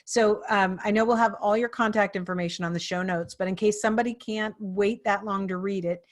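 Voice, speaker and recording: Animated woman storyteller hosting a podcast. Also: mid-range voice, brisk. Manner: animated storyteller, acts out quoted people. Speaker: podcast host. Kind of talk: casual interview storytelling.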